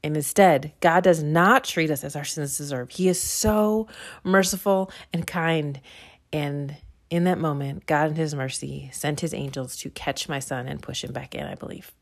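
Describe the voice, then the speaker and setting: Low-voiced woman telling a devotional story. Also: steady tone, moderate pace, vocal fry. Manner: chatty, laughing, many fillers and restarts. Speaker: mother sharing a devotional story.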